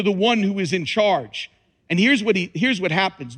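A very animated pastor with a high-sitting, husky, slightly bright voice preaches at normal speed. He reads scripture with drama, emphatic repetition, and touches of humor, his sermon echoing with the long reverb of a large church sanctuary.

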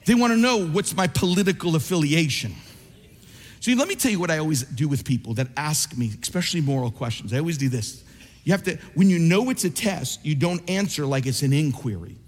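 A man preaching a sermon as pastor, animated, acting out the voices of people he quotes. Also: fairly high pitch, brisk. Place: church sanctuary. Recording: church hall reverb.

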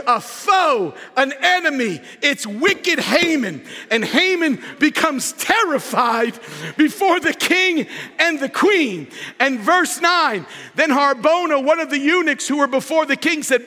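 A male preacher with a bright, ringing tone delivers a sermon in an unhurried, deliberate pace. He acts out the story, throwing in asides and raising his voice for emphasis. His words carry a long reverb, as if he is preaching in a large hall. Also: extremely high pitch. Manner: animated storytelling preacher, acting out scripture with shouts and asides. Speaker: pastor.

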